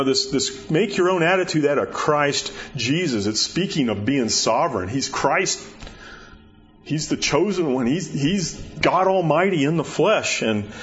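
Male pastor, fairly high voice, conversational sermon delivery with repeated words, dull lo-fi capture. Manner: conversational, repeats words, rises in pitch for emphasis. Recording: dull lo-fi recording.

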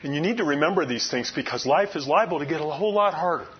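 A man's voice: lively intonation, quick pace. A middle-aged man preaching a sermon in an earnest, conversational, folksy storytelling way. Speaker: pastor. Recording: muffled lo-fi recording with faint rumble.

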